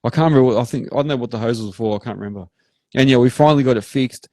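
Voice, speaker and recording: An Australian man hosting a live show, rambling through animated work stories in casual chat. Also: mid-range voice, racing, no room sound. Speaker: host.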